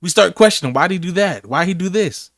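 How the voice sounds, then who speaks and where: A man's voice: high-pitched, expressive, brisk, fairly bright tone, no echo, clean studio sound. A man doing a sports reaction rant, rattling off stats with whoops and rhetorical questions.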